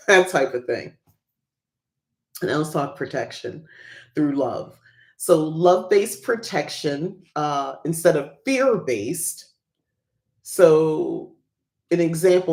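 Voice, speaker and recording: Rambly chatty stream host, kinda gravelly voice, lots of ums, echoey room. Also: mid-range voice, expressive, normal speed, darkish tone. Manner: rambling and chatty, with frequent fillers and little laughs. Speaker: livestream podcast host. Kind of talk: casual livestream talk on witchcraft practice. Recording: roomy echo.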